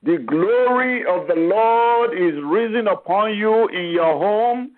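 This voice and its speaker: A male preacher slowly chanting a blessing, drawing out each word. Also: high-pitched, animated. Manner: slow, drawn-out declarations. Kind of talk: chanted blessing over music. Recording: phone-like radio sound.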